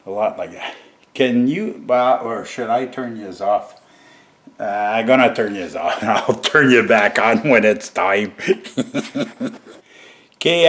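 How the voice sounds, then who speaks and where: A middle-aged man chuckling as he chats to viewers while showing a home repair. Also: lowish voice. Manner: chuckling often, chatty, addresses viewers as folks. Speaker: DIY vlogger. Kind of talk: casual home-project demo.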